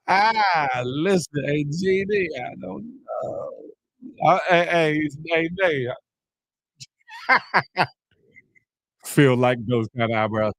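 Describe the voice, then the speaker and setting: Man, livestream host, chatty, laughs a lot, fairly high voice, dry close mic. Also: slow pace, long pauses, no room sound, low-quality recording. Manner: laughs often, animated, talks straight to viewers. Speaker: livestream morning show host. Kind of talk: casual chat reading live comments.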